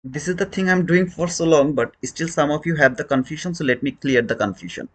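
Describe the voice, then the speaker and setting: A man's voice: on the high side, a little fast. Man teaching a live chart lesson. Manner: repeats points, questions chat viewers directly. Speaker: trading teacher.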